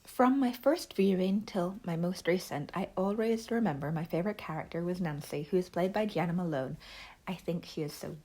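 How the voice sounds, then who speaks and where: A young woman giving a casual video review, chatty and enthusiastic, with breathy whispered asides. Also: on the low side, moderate pace, dark tone. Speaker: book and TV reviewer.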